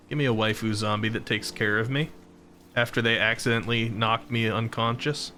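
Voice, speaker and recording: Chatty bright-voiced man streaming live. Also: medium pitch, steady tone, fairly quick, a little hiss or hum. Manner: chatty, laughs often, talks to viewers. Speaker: VTuber streamer. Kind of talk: casual live-stream chat.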